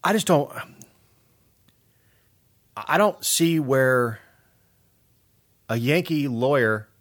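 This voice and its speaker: A man's voice: mid-range voice, animated, extremely slow. A middle-aged man from Georgia co-hosting a casual political talk show, sarcastic and rambling, with frequent restarts.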